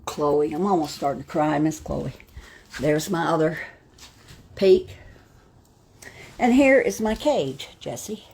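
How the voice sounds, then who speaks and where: A woman's voice: sits low, expressive, takes it slowly, vocal fry, long pauses, a little mellow, husky. Blunt, chatty older woman from New York. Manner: chatty and blunt, talking to viewers by name. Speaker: vlogger. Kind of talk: casual home tour vlog. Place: her house and front yard, in and out of doors.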